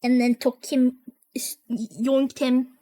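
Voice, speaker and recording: High-voiced excitable woman streamer. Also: takes it slowly. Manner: excitable, giggly, trails off and repeats herself. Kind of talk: casual reaction stream chat.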